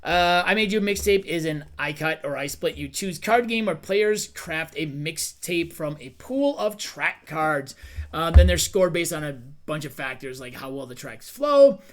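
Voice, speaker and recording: A man's voice: on the high side, expressive, moderate pace. A middle-aged man hosting a casual chat, easygoing and a little rambling. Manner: easygoing, rambling with fillers and repeats. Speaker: host.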